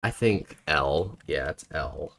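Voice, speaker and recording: A man's voice: rumbling low, expressive, slow, a bit bright, slight background noise. A young man chatting casually and joking while he codes a game, thinking aloud as he types. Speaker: game developer. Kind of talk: casual chat while coding.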